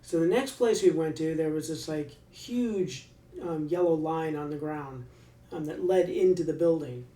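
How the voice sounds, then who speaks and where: A man's voice: a little high, measured pace, roomy sound, distant mic. Army veteran man telling a story. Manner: relaxed, many fillers and restarts. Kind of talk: casual storytelling.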